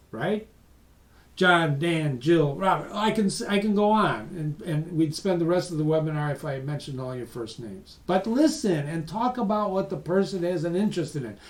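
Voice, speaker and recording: A man presenting a webinar as a lively, emphatic storyteller who speaks straight to his audience. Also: sits high, reverberant. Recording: voice distant from the mic.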